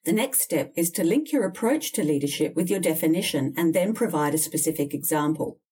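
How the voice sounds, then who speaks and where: A woman's voice: low-pitched, animated, brisk, hardly any pauses, mellow, breathy edge, far from the mic. A woman coaching people on job interviews, giving direct, emphatic, candid advice in an instructional talk. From Australia.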